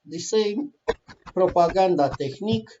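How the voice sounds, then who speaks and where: A man's voice: high voice, animated, a little slow, dark tone, slight background noise. A man giving heated political commentary in a vlog, impassioned, swearing, with non-native English phrasing. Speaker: vlogger. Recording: dull lo-fi recording.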